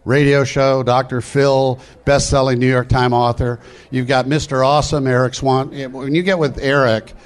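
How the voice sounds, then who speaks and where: Energetic middle-aged male motivational speaker. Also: medium pitch. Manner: energetic, preachy, rapid-fire. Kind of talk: live stage speech. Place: event hall.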